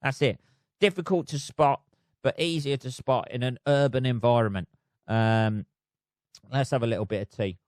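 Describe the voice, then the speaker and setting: A man's voice: mid-range voice, normal speed, no echo, studio quality. A man hosting a podcast alone, rambling in a sweary, self-mocking way. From United Kingdom. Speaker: podcast host. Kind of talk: casual solo rant. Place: flat.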